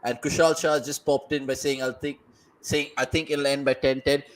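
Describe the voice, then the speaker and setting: A man's voice: mid-range voice, little pitch movement, low-quality recording. Upbeat man hosting a cricket watchalong. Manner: upbeat, rapid banter, reads viewer comments aloud. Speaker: watchalong host. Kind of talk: casual cricket commentary and chat-reading. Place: home, remote video call.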